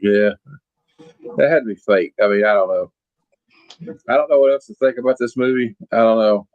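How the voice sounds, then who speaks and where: A man's voice: on the low side, normal speed, no echo, phone-quality sound. A man hosting a casual movie-review podcast, talking in a loose, rambling way with many fillers. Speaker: podcast host.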